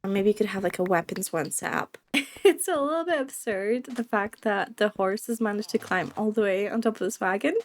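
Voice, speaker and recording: A woman's voice: mid-range voice, brisk. A young woman with a cold, chatting and giggling through casual let's-play commentary and talking to the game's creatures. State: voice affected by a cold. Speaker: gaming video creator.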